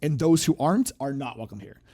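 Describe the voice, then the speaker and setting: A man's voice: medium pitch, lively intonation, brisk, mellow, slightly rough. A man hosting a reaction stream in a casual, emphatic, rambling and jokey way. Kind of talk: casual live-stream commentary.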